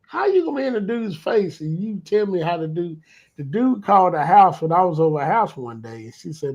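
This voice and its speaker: Man, husky, slightly high, candid confessional storyteller. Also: sing-song, a little fast, poor audio. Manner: candid, confessional, trails off softly at times. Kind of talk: casual storytelling chat.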